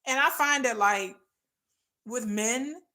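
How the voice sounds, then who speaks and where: A woman's voice: fairly high pitch, slow pace, bright, forceful tone. A woman hosting a casual livestream, talking candidly and bluntly and laughing often. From United States. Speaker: livestream host.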